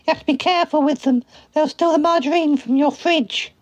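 A woman's voice: high voice, fairly quick, dry recording, muffled recording. A woman doing a comedy improv sketch, rambling dottily about aliens. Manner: dotty, rambling comic chatter.

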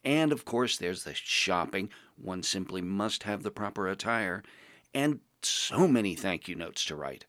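A man playing a pompous, social-climbing young male journalist with affected, genteel high-society phrasing. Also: expressive, measured pace, fairly bright tone, no room sound. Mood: airy, pleased. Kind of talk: podcast role-play.

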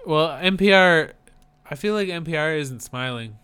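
A man's voice: fairly high pitch, lively intonation, normal speed, pushed and bright, smooth. A man co-hosting a podcast in casual chat, with dry, wry humor. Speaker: podcast co-host.

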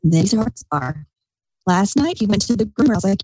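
A woman's voice: mid-range voice, big pitch swings, fast talker, dark tone, slightly rough, no room sound, rough recording. Woman podcast host, chatty and candid, dry close recording. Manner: chatty, frank, joking. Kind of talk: casual podcast chat.

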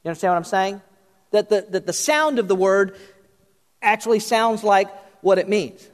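An older man preaches in a folksy, joking way, his voice pitched fairly high. He slips in plenty of fillers and restarts. His words ring out with a long hall reverb. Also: moderate pace. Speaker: pastor. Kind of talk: sermon.

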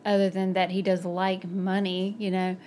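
Thoughtful female discussant, monotone delivery. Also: mid-range voice, normal speed, slight background noise. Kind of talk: casual book discussion.

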